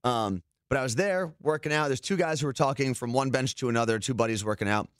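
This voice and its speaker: A man from New Jersey co-hosts a relaxed chat, talking things through at length with plenty of fillers. His voice sits at a middle pitch and is recorded close and dry, with no room sound. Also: quick pace, clean tone, dry recording. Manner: easygoing, explains at length with many fillers. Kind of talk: casual chat.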